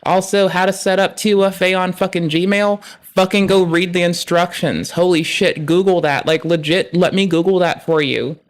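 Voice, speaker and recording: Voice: medium pitch, steady tone, normal speed, few pauses. A streamer ranting in casual, profane commentary, blunt and swearing constantly.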